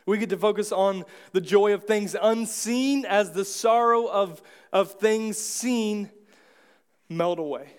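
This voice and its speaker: Man, pastor, high voice, conversational sermon, quick asides. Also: clean tone. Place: church.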